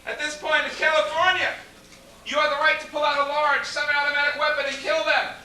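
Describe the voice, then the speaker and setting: A man doing a comic stage act with showman patter and deadpan setups. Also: very high-pitched, a little fast, a little hiss or hum. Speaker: novelty bubble performer. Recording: echoey room mic from far off.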